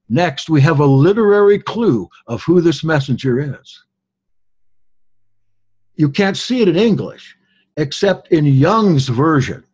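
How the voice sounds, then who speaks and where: A man giving a deliberate Bible study lecture as a teacher, explaining and stressing key words. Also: a little high, expressive, a little mellow, breathy edge.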